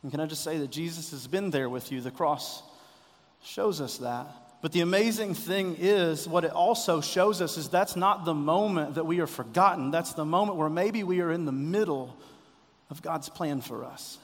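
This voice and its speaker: A man's voice: a little high, normal speed. Impassioned man preaching in a hall. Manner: impassioned, rises to loud voicing of quoted cries. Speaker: pastor. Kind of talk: sermon.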